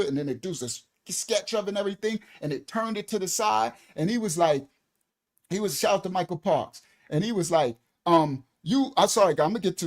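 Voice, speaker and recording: Speaking in a voice that sits high, a middle-aged minister tells a personal story in his sermon. His manner is casual and animated, with frequent repeated words.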